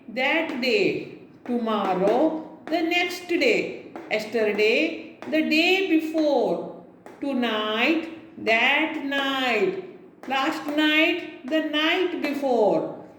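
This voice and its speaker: A woman's voice: high voice, fairly bright tone. A woman teaching an English grammar lesson, explaining step by step and checking in with "okay?" as she goes. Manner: explains step by step with many "now see" and "okay?". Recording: very echoey room with faint hiss.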